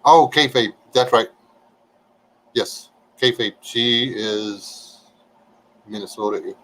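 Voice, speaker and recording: A man's voice: lowish voice, takes it slowly, a bit bright, a little hiss or hum, rough recording. A man, chatting casually and joking with viewers on a livestream. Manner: folksy, joking, reading chat aloud.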